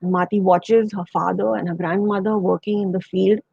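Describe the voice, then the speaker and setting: A woman tells a children's story gently, her voice husky with a gravelly fry. The sound is dry and close, slightly dull like a radio broadcast. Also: medium pitch, fairly even intonation, a little fast, dry recording. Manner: gentle, retelling with quoted voices. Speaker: storyteller guest.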